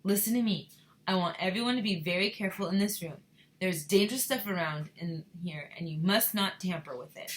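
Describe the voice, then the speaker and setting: A woman voicing an eccentric, cheerful male candy maker in a bright, theatrical way. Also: lowish voice, brisk, lightly acted. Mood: breezy.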